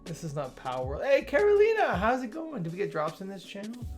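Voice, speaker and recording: Soft background music plays as a man with a high, very animated voice talks fast on a casual livestream. He's reviewing software updates, reading changelog items, welcoming chat viewers and rambling with many self-corrections.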